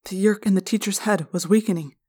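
A woman narrating a fan read-aloud chapter in an expressive style, recorded in a hotel room. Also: medium pitch, brisk, slightly rough.

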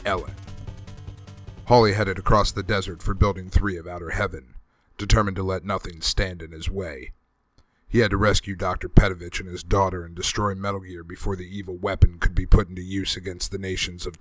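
A man reading a novel chapter aloud as a narrator in a steady, measured storytelling manner. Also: low voice, no room sound, soft background music. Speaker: audiobook reader. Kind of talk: scripted narration.

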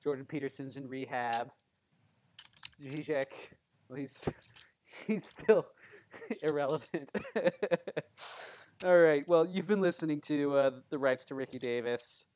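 A man's voice: fairly high pitch, slow, long pauses, noisy background. A man hosting a casual podcast, talking in a dry, wry way. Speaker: podcast host.

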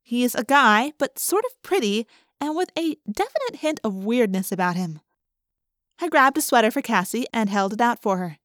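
A woman narrating a first-person audiobook in a lively, expressive way, speeding up in excited passages. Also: on the high side, normal speed, no room sound, studio quality.

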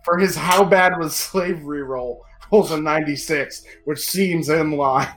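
A man's voice: on the high side, unhurried, a bit bright. A man running a tabletop game as game master, wry and laughing as he reads out dice rolls.

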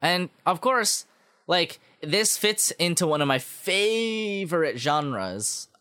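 A man's voice: sits high, very animated, takes it slowly, pushed and bright, clean tone, dry recording, clean studio sound. A man chatting casually about a show, rambling with many fillers and restarts, enthusiastic about what he likes. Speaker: podcast co-host discussing an anime. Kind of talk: casual chat.

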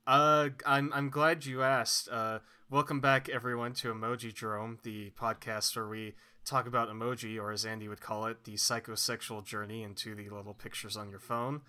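A man's voice: lowish voice, flat delivery, fairly quick, few pauses, bright, forceful tone, clean tone. A young man co-hosting a casual comedy podcast, goofy and rambling with lots of filler words. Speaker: podcast co-host.

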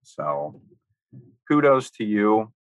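A man slowly guiding listeners through a qigong self-massage routine in a calm, folksy way. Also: on the low side, no room sound, poor audio. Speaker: qigong instructor. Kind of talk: guided self-massage instruction.

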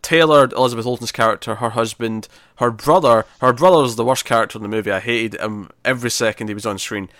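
A man co-hosting a casual film review chat, often trailing off into quieter asides. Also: mid-range voice, fast, hardly any pauses, dry recording, studio quality. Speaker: podcast co-host.

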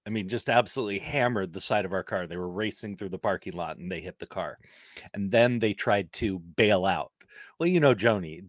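Brief: low-pitched male co-host, chatty and animated, dry studio sound. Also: dry recording. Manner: animated, laughing storytelling. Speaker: podcast co-host. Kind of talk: casual chat.

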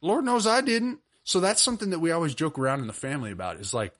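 A man in his twenties, co-hosting a podcast over a video call, telling an animated story and laughing often. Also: fairly high pitch, fast. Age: 20s. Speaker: podcast co-host. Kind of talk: casual storytelling chat.

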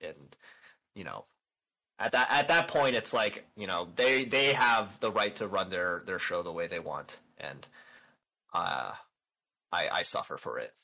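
Casual co-host, male, bright tone, animated, restarts sentences with repeated words. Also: sits low, unhurried, creaky, rough recording. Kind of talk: casual chat.

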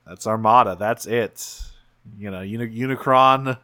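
A man's voice: lowish voice, unhurried, pushed and bright, no echo, studio quality. A man co-hosting a podcast, recapping episodes in casual chat, rambling with lots of restarts and fillers. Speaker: podcast co-host recapping a cartoon series.

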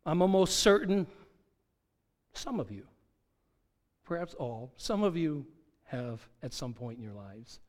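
A man preaching a sermon, telling a personal story and repeating key phrases slowly for emphasis, swinging between quiet and loud. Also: fairly high pitch, very animated.

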